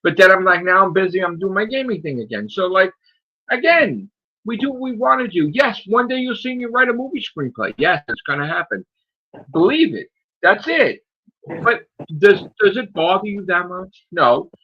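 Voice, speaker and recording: Ranting New man, high and lively. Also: moderate pace, highs cut off. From United States. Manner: profane, ranting, mocking. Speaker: channel host. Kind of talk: casual stream chat.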